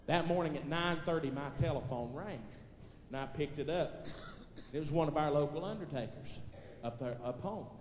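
A man doing stand-up storytelling for a live audience, folksy and building to loud punchlines. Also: a little high, moderate pace, a little hiss or hum. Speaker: gospel comedian telling a story on stage. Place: large hall with live audience. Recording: echoey hall recording.

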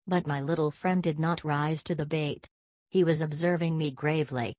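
A woman narrates an audiobook in a steady, measured way. Her voice is low-pitched and the recording is close and completely dry. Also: no room sound. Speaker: audiobook reader. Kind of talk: scripted narration.

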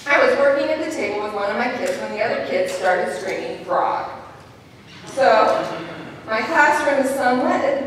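Woman teacher, animated storyteller with a slightly high voice, speaking in a reverberant hall from a distance, faint room noise. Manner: animated storytelling, acting out children's lines. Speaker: preschool teacher. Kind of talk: speech at a school program. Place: large hall at an evening event.

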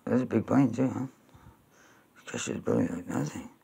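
A man from New York talking to camera in a rambling, repetitive way, now and then breaking into loud, high-pitched pleading. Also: expressive, normal speed, gravelly, slightly rough. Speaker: video blogger.

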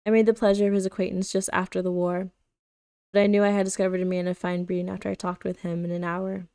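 A woman reading the lines of a gloomy, sentimental older male gangster in her plain, even reading voice. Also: fairly low pitch, fast, smooth, no room sound, clean studio sound, close to an everyday voice.

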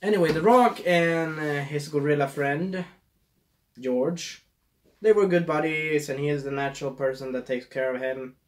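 A man's voice: fairly high pitch, moderate pace. A man casually reviewing a movie, rambling and losing his train of thought, with a scratchy throat.

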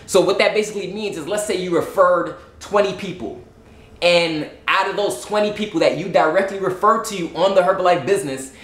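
A man's voice: high-pitched, a little fast, fairly bright tone. Salesy man, casual explainer, roomy echo. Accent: Southern US. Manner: repeats "right?" and "you get what I'm saying", blunt and salesy. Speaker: YouTube host explaining a sales plan.

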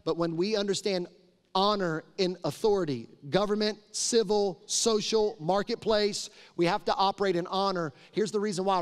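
Middle-aged man, pastor, on a live mic; emphatic, conversational preaching; somewhat higher voice; long sanctuary reverb. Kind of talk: sermon. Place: large church sanctuary.

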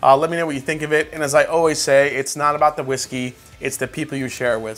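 A man's voice: a little high, fast talker, few pauses. A man reviewing whiskey in a casual vlog, talking through tasting notes as he sips. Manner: relaxed, tasting between remarks.

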